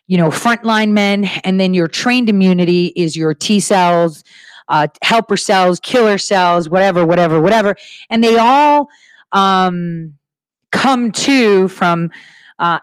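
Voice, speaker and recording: Woman ranting on her show, quick and animated, laughs a lot, dry close sound. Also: medium pitch, dry recording, poor audio. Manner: fast, animated, laughing while talking. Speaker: show host. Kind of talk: casual talk-show monologue.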